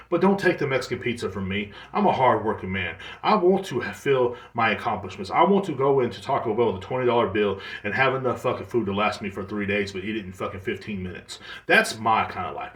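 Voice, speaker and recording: Fast-ranting profane podcast host man. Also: medium pitch, a bit bright, echoey room. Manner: profane, exasperated, mimics others in quick asides. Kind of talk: solo comedic rant.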